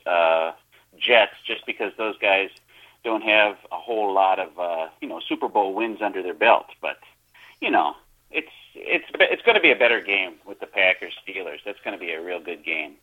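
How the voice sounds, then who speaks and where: A man's voice: sits low, lively intonation, moderate pace, phone-quality sound. A man with a Wisconsin accent, a guest comic on a podcast, teasing and swearing casually. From Appleton, Wisconsin. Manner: joking, teasing, swears a lot. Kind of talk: casual comedy podcast chat.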